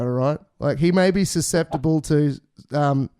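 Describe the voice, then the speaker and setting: A man's voice: on the high side, normal speed, warm tone, clear, resonant tone. An Australian man hosting a podcast, chatting casually with crude, joking banter and plenty of swearing. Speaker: podcast host.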